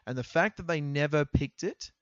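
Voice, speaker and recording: A man co-hosting a podcast, telling a story in a casual, animated, jokey way and laughing often. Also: a little high, moderate pace, no echo, muffled recording. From half English. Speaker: podcast co-host.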